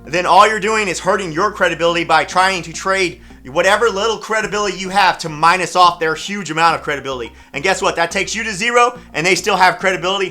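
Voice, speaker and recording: Man, high bright voice, emphatic off-the-cuff advice vlog, faint music underneath. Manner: emphatic, repeats words, frequent restarts. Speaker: sales vlogger.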